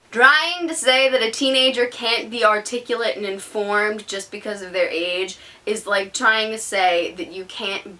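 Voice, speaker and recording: A woman's voice: medium pitch, bright, forceful tone, far from the mic. A teenage girl ranting to camera in an indignant, sarcastic, emphatic way. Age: teens. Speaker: vlogger.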